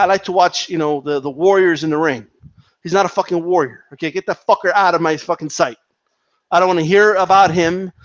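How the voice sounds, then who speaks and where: A man with a fairly high voice rants heatedly about boxing, swearing freely and circling back over the same points. He reacts to a live chat as he goes. The sound is dry and a bit dull, like a cheap home mic. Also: no echo. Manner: profane, heated, repetitive. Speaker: boxing commentator reading chat. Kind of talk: casual live-stream rant.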